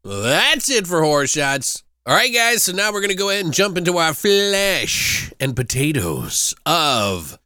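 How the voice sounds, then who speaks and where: A man's voice: fairly high pitch, big pitch swings, unhurried, hardly any pauses, bright, forceful tone, clear, resonant tone, dry recording, studio quality. A man co-hosting a podcast in casual chat, joking, swearing freely and laughing often. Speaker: podcast co-host.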